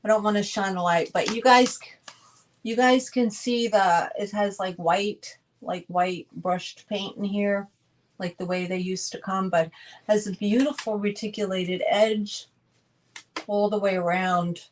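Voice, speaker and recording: Slow-talking chatty woman. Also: medium pitch, fairly even intonation, slight background noise, rough recording. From northern United States. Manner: chatty, gushing, talks to viewers directly. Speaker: online seller hosting a live sale. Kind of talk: casual live sale chat.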